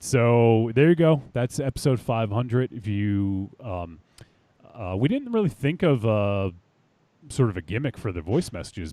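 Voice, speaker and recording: A man hosts a podcast in a relaxed, upbeat chat that wanders a little. His voice sits low and sounds warm and mellow. The sound is dry, with no room echo. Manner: chatty and upbeat, easygoing rambling. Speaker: podcast host. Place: home studio.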